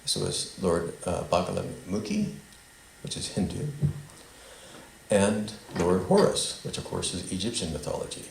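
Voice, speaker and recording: A man's voice: deep voice, a little slow, creaky. A man teaching a small group at a spiritual center in a meandering way, leading them in a repeat-after-me statement. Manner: meandering, leads call-and-response recitation. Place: meeting hall of a spiritual center. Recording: echoey hall with faint noise.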